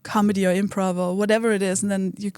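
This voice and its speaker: A woman's voice: medium pitch, little pitch movement, fast talker, a little mellow, clean tone, no room sound, clean studio sound. A woman comedian from Denmark, chatting casually on a podcast and often laughing while she acts out quotes. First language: Danish. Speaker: comedian guest.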